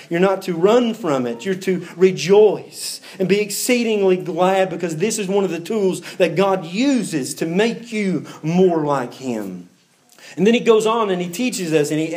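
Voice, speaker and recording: Earnest preacher, slightly high voice. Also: male voice, darkish tone. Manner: earnest, repeats words while searching, emphatic on key phrases. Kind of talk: expository sermon.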